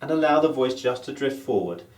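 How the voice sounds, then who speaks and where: A man's voice: mid-range voice, expressive, a little fast, a little mellow. Man, standard Southern British accent, accent coach, methodical teaching, demonstrates vowels, echoey room. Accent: Standard Southern British English. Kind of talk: instructional lesson. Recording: roomy echo.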